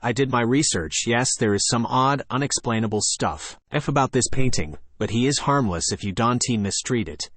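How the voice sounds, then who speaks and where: A man voicing a grieving woman who is tenderly obsessed with a painting, speaking softly and pleadingly. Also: medium pitch, animated, normal speed, few pauses, no echo. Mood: insistent.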